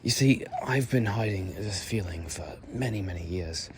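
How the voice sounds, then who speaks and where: A man voicing a fussy, genteel Victorian English gentleman in a put-on posh British accent, with a prim, mannered delivery. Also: low-pitched, moderate pace, a little hiss or hum, lightly acted.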